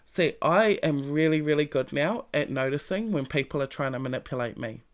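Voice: mid-range voice, a little fast. A vlogger giving a blunt, profane motivational talk straight to the listener, full of pointed questions. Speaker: self-help vlogger. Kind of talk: motivational monologue to camera.

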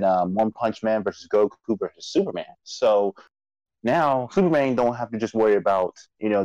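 A man's voice: lowish voice, darkish tone, dry recording, highs cut off. A man co-hosting a casual podcast, opening with a mock-grand preacher-style intro before loose, chatty talk. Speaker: podcast co-host.

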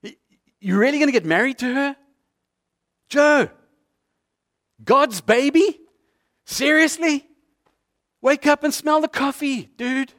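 A man voicing an incredulous young male friend who mocks and pushes, talking in a high, disbelieving, jeering way. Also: takes it slowly, pauses often, fairly bright tone, heavily acted. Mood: mocking disbelief.

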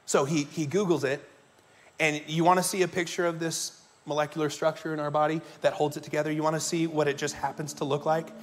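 Male pastor, chatty storytelling sermon, talks with the congregation, voice sitting a bit high. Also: little pitch movement, a little fast. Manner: conversational storytelling, asks the congregation questions. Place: church sanctuary before a congregation.

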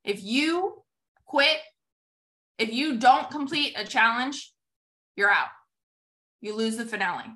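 A young adult woman hosts a motivational podcast and sounds bright and forceful. Her voice sits a little high. She tells a story with animated energy and acts out quotes before turning to lessons for her listeners. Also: takes it slowly, pauses often. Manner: animated retelling with acted-out quotes. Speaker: podcast host and sales coach.

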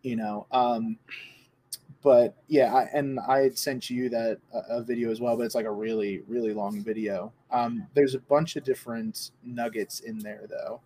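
A man's voice: mid-range voice, steady tone, normal speed, dark tone, slightly rough. A man, a podcast guest, chatting casually with a loose, filler-heavy way of talking. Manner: loose, filler-heavy, keeps saying like and you know. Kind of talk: casual chat.

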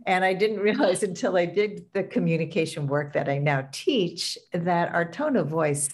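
A middle-aged woman with a notably low, deep voice hosts a dating and relationships podcast. She talks earnestly and with emphasis, pausing and restarting as she goes. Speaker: podcast host and dating coach. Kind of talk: podcast intro and interview.

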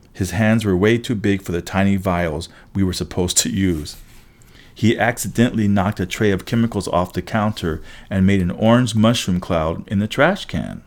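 A man reading a first-person story aloud as an audiobook narrator, steady with wry asides. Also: sits low.

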